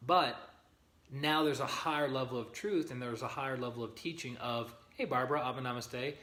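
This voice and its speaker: A man's voice: mid-range voice, a little fast, pushed and bright. A man giving a live-streamed spiritual teaching, earnest and often checking in with his listeners. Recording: roomy echo.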